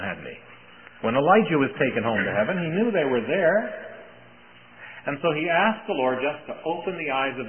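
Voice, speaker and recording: A man preaching a sermon in a conversational storytelling way, with pauses and restarts. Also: lowish voice. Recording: tinny phone-like recording with faint hiss.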